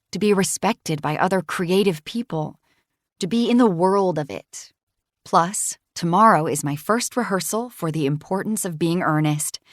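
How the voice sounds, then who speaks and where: A woman with a low, even voice reads first-person fiction for an audiobook in a calm, measured way. The sound is close and dry, with no room around it. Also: no room sound. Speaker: audiobook narrator.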